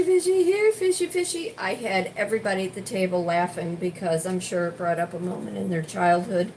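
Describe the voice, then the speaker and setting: A woman's voice: lowish voice, darkish tone, slight background noise, poor audio. A woman vlogging casually while she cooks in her home kitchen, telling stories and venting about her day. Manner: chatty, venting storyteller. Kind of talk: casual chat while cooking.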